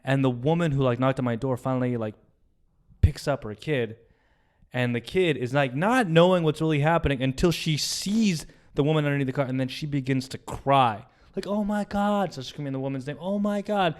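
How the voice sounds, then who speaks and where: Smooth-voiced young man telling a story. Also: medium pitch, brisk. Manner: animated retelling, acts out quoted voices, swears. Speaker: podcast co-host. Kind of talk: casual storytelling.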